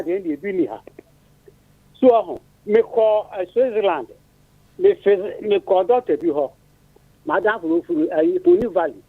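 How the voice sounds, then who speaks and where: A man calling into a radio phone-in. He rambles, repeats himself and mixes English with Twi. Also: high-pitched. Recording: tinny phone line.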